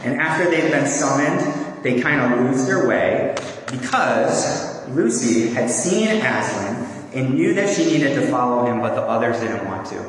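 A man's voice: mid-range voice, animated, a little slow. A man preaching a sermon in an earnest, conversational way with small fillers. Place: church hall. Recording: echoey hall from far off.

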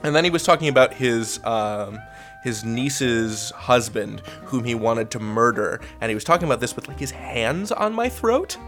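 A man's voice: normal speed, soft background music. A man co-hosting a podcast, telling a comedic story in a casual way and acting out the people he quotes. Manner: animated, acts out quoted people with big pitch jumps.

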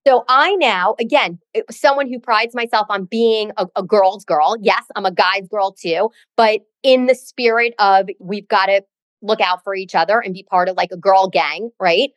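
A woman's voice: mid-range voice, normal speed, dry recording. A middle-aged woman co-hosting a podcast, telling a story in a dramatic, sassy, chatty way. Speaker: podcast co-host. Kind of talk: casual chat, storytelling.

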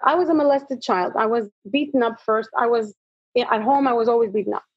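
A woman's voice: a little high, brisk, slightly rough, no room sound. A middle-aged woman, a motivational speaker, telling her personal story as an interview guest and acting out the dialogue. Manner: animated storytelling, acts out dialogue. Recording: dull lo-fi audio.

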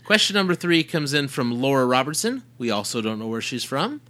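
A man's voice: medium pitch, big pitch swings, brisk, sharp tone, soft background music. A man co-hosting a podcast with his wife, reading listener questions in a playful, teasing way. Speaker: podcast co-host. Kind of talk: casual chat.

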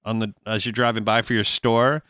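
A man's voice: lowish voice, level tone, brisk, sharp tone, no echo, clean studio sound. A man hosting a podcast, telling rambling stories in casual chat and laughing often. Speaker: podcast host.

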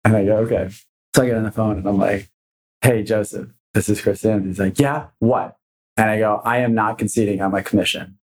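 A man's voice: on the low side, quick pace, low-quality recording. A man, a commercial real estate broker, telling stories as a guest on a podcast and acting out the people he quotes. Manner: animated storyteller acting out quoted voices. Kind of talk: podcast storytelling.

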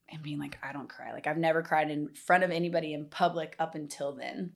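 A woman's voice: deep voice, a bit bright. A young woman, a yoga trainer, telling her story candidly as a podcast guest, rambling with lots of fillers. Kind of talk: casual interview storytelling.

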